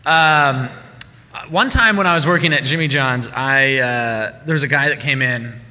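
Guy hosting a storytelling night, loose and jokey, super bright voice, echoey hall. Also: medium pitch. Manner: loose, laughing, acts out quotes. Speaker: host and storyteller. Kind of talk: live storytelling on stage. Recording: long hall reverb, faint room noise.

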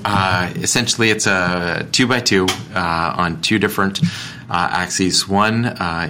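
Bright-voiced man explaining thoughtfully. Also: sits low. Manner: thoughtful, with frequent um and uh fillers. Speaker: guest author. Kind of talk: podcast interview, conversational explanation.

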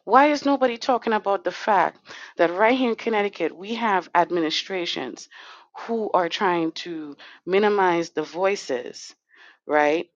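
A woman's voice: lowish voice, unhurried, dry recording, highs cut off. Fiery, blunt woman on a podcast. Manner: fiery, blunt and confrontational, swears freely; talks straight to the chat audience. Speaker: podcast co-host and community organizer. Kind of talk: impassioned podcast monologue.

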